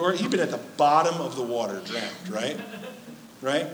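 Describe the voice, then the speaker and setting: A man's voice: medium pitch, animated, moderate pace. A male pastor preaching a sermon in a church, earnest and repeating words as he builds his points.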